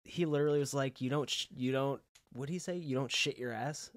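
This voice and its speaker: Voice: mid-range voice, quick pace, no echo. A podcast co-host in casual chat, making teasing asides and laughing often.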